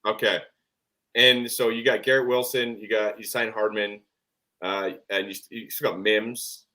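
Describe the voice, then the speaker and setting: A man's voice: fairly low pitch, level tone, measured pace, sharp tone. A man on a casual sports talk show, blunt and matter-of-fact, swearing casually. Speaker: co-host.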